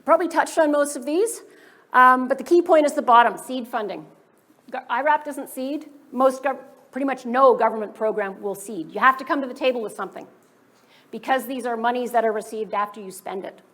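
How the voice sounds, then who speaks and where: A woman presents at a startup workshop. She speaks briskly as a funding advisor and keeps posing questions to the room. She sounds like she is recorded at a business school event. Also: on the high side, fairly bright tone. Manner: brisk, poses rhetorical questions to the audience.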